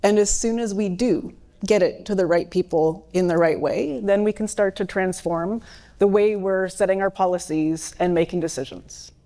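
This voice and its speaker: A woman's voice: medium pitch, moderate pace, mellow. A woman answering on a conference panel, earnest in manner. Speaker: panelist, engineer.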